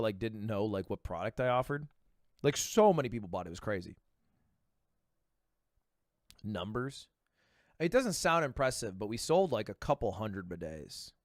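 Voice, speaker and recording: A man's voice: medium pitch, no room sound, clean studio sound. A man giving casual, joking and profane reaction commentary as a streamer.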